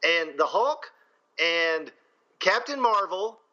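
A man's voice: high-pitched, slow, dull audio. A man co-hosting a podcast in casual chat, telling stories and laughing often. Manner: laughing, storytelling, animated. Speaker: podcast co-host.

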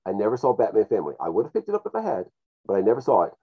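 A man's voice: lowish voice, huge pitch swings, breathy edge, highs cut off. A man with a nasal voice from a cold, a podcast guest chatting with enthusiasm and frequent restarts. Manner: enthusiastic, quick, restarts often. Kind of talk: casual chat.

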